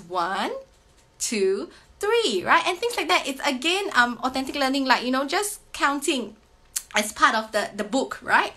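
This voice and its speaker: A woman's voice: on the high side, pushed and bright. A woman in her thirties chatting casually to camera about reading with children, sing-song and teacher-like, often ending sentences with "right?". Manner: chatty, ends many sentences with a questioning "right?". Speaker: parent sharing reading tips. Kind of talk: casual explanatory talk to camera.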